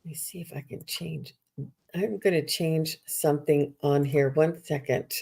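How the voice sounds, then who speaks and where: A woman with a fairly low voice hosts a live online workshop. She chats in a loose, friendly flow and reads out viewer comments. She fills her pauses with ums. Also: fairly even intonation, creaky, dark tone, husky. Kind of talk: casual live-stream chat.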